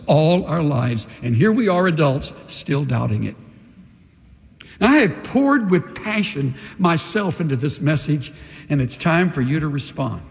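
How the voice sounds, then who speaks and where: Emphatic preacher in an echoing church. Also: male voice, a little high, very animated, creaky. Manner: emphatic preaching with slow dramatic pauses. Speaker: pastor. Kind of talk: sermon with altar call. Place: large church sanctuary. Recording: long reverb in a large hall.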